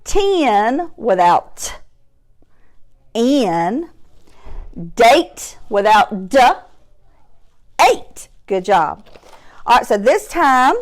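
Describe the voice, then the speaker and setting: A woman's voice: on the high side, sing-song, extremely slow, pauses often. A woman teaching a phonics lesson to young children, patient and sing-song, sounding out letters with exaggerated emphasis.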